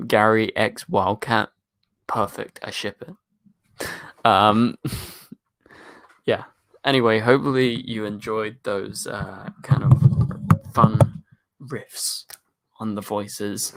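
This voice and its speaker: A man with a British accent and a deep voice, hosting a live stream in a casual, chatty way and answering viewer questions into a microphone. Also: fairly even intonation, takes it slowly, pauses often. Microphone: studio microphone.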